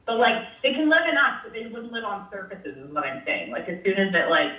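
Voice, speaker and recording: A woman's voice: mid-range voice, a little fast. A woman in casual chat, hedging her explanations with lots of "like". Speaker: guest. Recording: roomy, distant, dull sound.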